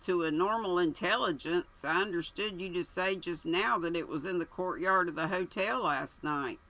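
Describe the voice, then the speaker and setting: A woman's voice: on the low side, moderate pace, bright, forceful tone. A woman voicing a curt, impatient older police colonel who speaks sharply, reading an audiobook.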